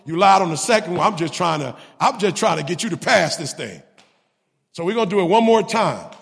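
A preacher voicing the Lord, casual and pressing. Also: male voice, high-pitched, lively intonation, a little fast, gravelly, big-room sound. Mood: coaxing. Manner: casual street-talking rebuke. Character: the Lord, a patient but pressing male divine voice.

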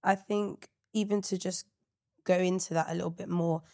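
A woman with a gravelly voice giving emphatic encouragement in a casual devotional discussion. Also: fairly low pitch, steady tone, moderate pace, warm tone, dry recording, studio quality. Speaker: Bible discussion participant.

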